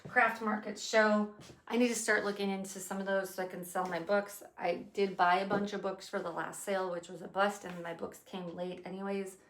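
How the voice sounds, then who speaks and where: Fifties lady planning her day, chatty and rambly, swears a bit, mid pitch, echoey room. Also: level tone, a little fast, hardly any pauses. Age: 50s. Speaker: vlogger. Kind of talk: casual day-planning chat.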